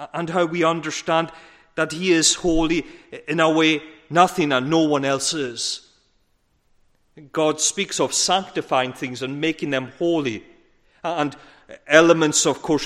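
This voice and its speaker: Male preacher, somewhat high voice, earnest and measured, builds weight on repeats; long hall reverb. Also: fairly bright tone. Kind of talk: sermon.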